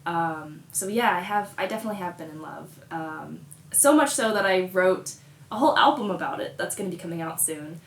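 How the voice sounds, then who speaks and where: A woman's voice: fairly low pitch, expressive, brisk. Giggly young woman in an echoey hotel room. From Colorado, US. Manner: bubbly, giggly, lots of fillers. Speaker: musician answering fan questions. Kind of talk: casual chat.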